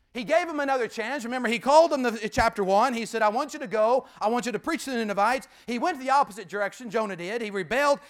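Preaching a sermon, the pastor speaks at an extremely high pitch. He is emphatic, returns again and again to key phrases, and occasionally goes quiet and hushed.

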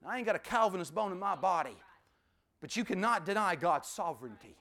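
A man preaching a sermon as pastor, emphatic, repeating key phrases and sometimes dropping to a hushed voice. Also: high-pitched, expressive, a little fast.

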